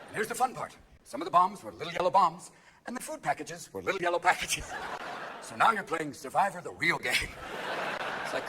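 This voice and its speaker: Manic high-voiced man doing stand-up. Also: sing-song, sharp tone. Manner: manic, rapid-fire, constantly jumping into voices and impressions. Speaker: stand-up comedian. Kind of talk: stand-up comedy performance. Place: theater stage before a live audience. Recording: live show recording with crowd laughter and noise.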